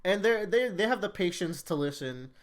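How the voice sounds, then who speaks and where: A podcast co-host in a casual chat about an anime thoughtfully and analytically lays out a comparison of story themes. His voice sits high, with lively intonation and a moderate pace.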